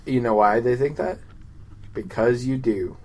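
A man's voice: medium pitch, measured pace. A man co-hosting a podcast in casual chat, joking, teasing and a bit crude. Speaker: podcast co-host.

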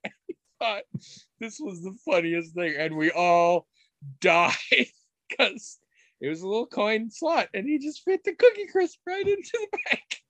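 A middle-aged man in casual conversation, telling rambling stories with frequent restarts and animated quoted voices. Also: high voice, a little slow, no room sound. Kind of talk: casual chat.

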